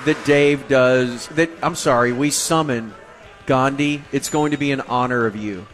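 A man's voice: mid-range voice, measured pace, fairly bright tone. A man co-hosting a morning radio show, reading listener messages with teasing banter.

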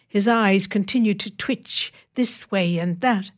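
A woman narrating a short story in a measured, wry storytelling voice. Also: mid-range voice. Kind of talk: reading a short story aloud.

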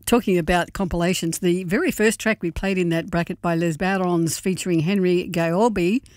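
A woman co-hosting a radio show, chatting casually and reading a gig guide in a warm, slightly rambling way. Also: on the low side, fairly even intonation, moderate pace, no echo, studio quality. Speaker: radio co-host. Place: radio studio.

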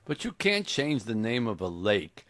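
A man hosting a comedy interview, asking brisk mock-serious questions. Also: on the low side, sing-song, fairly bright tone, no echo, clean studio sound. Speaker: radio host.

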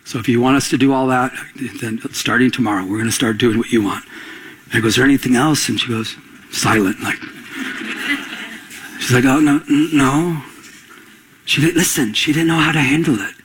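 A man's voice: medium pitch, brisk, fairly bright tone, a little hiss or hum, rough recording. A middle-aged male pastor preaching a sermon, quizzing his listeners and answering himself, climbing to emphatic peaks. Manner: call-and-response preaching, rising to emphatic peaks.

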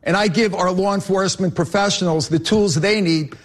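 A man's voice: high-pitched, a little fast. A man arguing as a candidate in a political debate, combative and repeatedly addressing his opponent. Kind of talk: debate argument.

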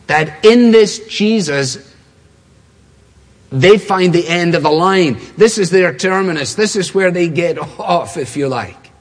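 A man with a somewhat high, husky voice delivers a sermon, hammering points home through repetition. His words ring out with a long reverb, as in a large hall. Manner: emphatic, repetitive preaching cadence. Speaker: preacher.

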